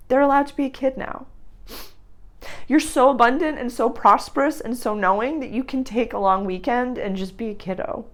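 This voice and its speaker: A woman's voice: fairly high pitch, moderate pace. Tender rambling woman astrology reader. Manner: affectionate, addresses the listener as dear and honey; occasional blunt swearing. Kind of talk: intuitive astrology reading to viewers.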